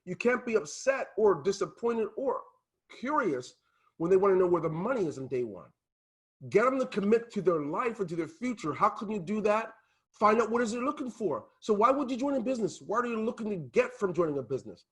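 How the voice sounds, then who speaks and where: A man coaching his team on a video call, talking in a passionate, emphatic way that sometimes turns loud. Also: high voice, very animated, fairly quick, slightly rough. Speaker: team leader and business coach.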